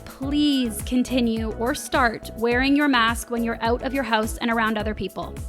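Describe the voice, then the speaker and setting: A woman's voice: on the high side, a bit bright. A woman hosting a podcast, chatting casually with a guest and giving effusive, giggly thanks, then reading the show's outro. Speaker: podcast host.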